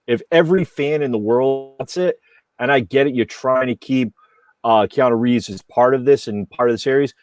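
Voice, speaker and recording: A man's voice: medium pitch, moderate pace, darkish tone, no echo, studio quality. A man giving blunt, emphatic opinions as a panelist in a casual podcast chat.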